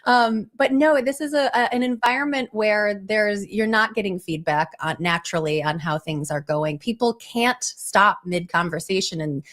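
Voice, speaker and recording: A woman professor and author, a guest in a live interview, talking in an animated, explanatory way. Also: medium pitch, normal speed, few pauses. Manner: animated, many fillers and restarts, explanatory.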